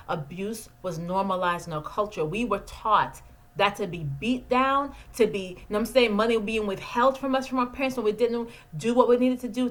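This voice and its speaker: Her voice on the high side and the recording rough, a therapist from Jamaica in her 40s addresses the camera directly with advice. She is earnest and keeps repeating key phrases to stress them, speaking into the camera mic.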